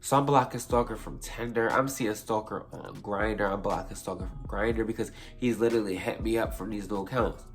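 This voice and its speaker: A young man with a slightly low voice tells a story to camera in a loose, chatty way. He swears freely, backtracks and restarts his sentences as he goes. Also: steady tone, fairly quick, hardly any pauses. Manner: rambling, profane, self-correcting. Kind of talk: casual storytime vlog.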